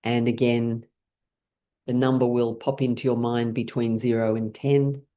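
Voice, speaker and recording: Low-voiced woman leading laughter exercises. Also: little pitch movement, measured pace, dark tone. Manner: bursts into frequent forced laughter; playful, leading imaginary scenarios. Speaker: laughter yoga teacher. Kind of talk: guided online class.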